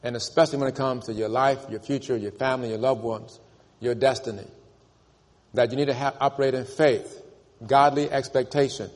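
A man's voice: medium pitch, fairly even intonation, brisk. Emphatic male preacher in echoing church. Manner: emphatic, calls for congregation responses. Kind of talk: sermon. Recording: long church reverb.

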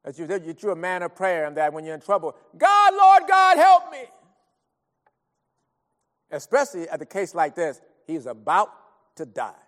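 A high-pitched man preaching with earnest, pleading fervor, dropping soft and then crying out loud. His voice hangs in a long hall reverb. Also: a little fast. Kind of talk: sermon.

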